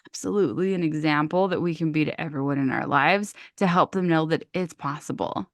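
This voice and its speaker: Effusive low-voiced woman host. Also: a little fast. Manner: warmly affirming, effusive. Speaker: podcast host. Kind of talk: casual conversational interview.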